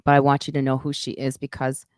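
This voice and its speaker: A woman's voice: rumbling low, completely flat delivery, quick pace, a little mellow, no echo, studio quality. A middle-aged woman hosting a live podcast stream, chatting loosely and plugging shows with casual swearing. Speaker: podcast host.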